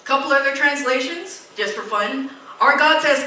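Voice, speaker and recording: Woman pastor, animated sermon delivery, higher voice, recorded in a very echoey hall. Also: moderate pace. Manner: animated storytelling with quoted voices. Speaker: preacher. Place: church hall. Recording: echoey church hall, distant mic.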